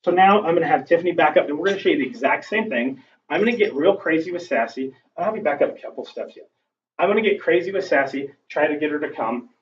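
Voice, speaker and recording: Talking through a casual training demo step by step, a male dog trainer uses plenty of fillers and speaks fast in an expressive, slightly high voice. It sounds distant and dull, a lo-fi recording with faint noise behind him.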